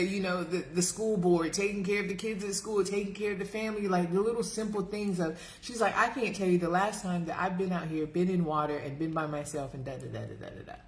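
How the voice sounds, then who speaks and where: Energetic woman coaching on a live stream. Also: mid-range voice. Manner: energetic, emphatic, addresses viewers as girlfriends. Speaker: life coach for women over 40. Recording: roomy echo.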